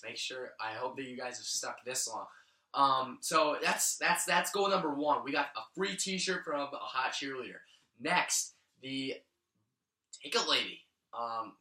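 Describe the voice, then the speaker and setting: Excitable young man in an echoey room. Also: recorded from a distance. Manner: excitable, rambling, jumps up in pitch when thrilled. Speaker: vlogger. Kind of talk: casual excited recap. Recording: echoey room, voice a bit off-mic.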